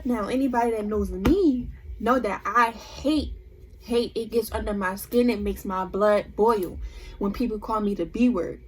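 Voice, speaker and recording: A young woman vlogger telling a storytime tale in an animated, emphatic way. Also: mid-range voice, unhurried. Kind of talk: storytime vlog.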